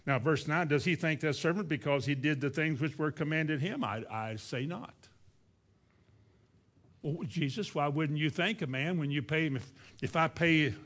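A man's voice: a little high, normal speed, fairly bright tone. A man preaching a sermon in a folksy way, acting out little scenes and asking his listeners questions. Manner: folksy, acts out boastful voices, asks the congregation questions.

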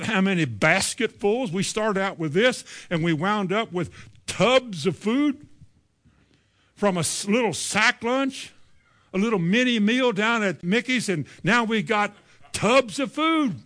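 A man preaching a sermon, reading scripture verses and retelling them in lively, folksy everyday speech. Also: sits high, a little slow.

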